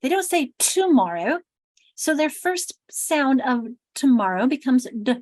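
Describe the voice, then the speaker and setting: A woman's voice: high voice, expressive, measured pace, darkish tone, no echo, rough recording. An American woman leading a teacher workshop, enunciating every word very carefully and demonstrating sounds aloud. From United States. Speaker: teacher trainer. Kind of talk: workshop presentation.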